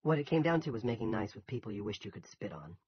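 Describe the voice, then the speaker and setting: A man narrating a novel as an audiobook in a steady storytelling manner. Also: fairly low pitch, quick pace, breathy edge, lo-fi sound.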